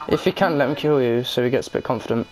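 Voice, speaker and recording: A young man chatting while gaming, excitable and swearing a lot. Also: mid-range voice, fast talker, soft background music. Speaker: gamer. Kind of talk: casual gaming chat.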